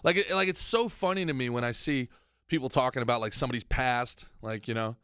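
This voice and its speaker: A man co-hosting a comedy podcast, ranting in a casual, animated way that swings from loud outbursts to mumbled asides. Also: mid-range voice, fairly quick, smooth, no echo, studio quality. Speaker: podcast co-host.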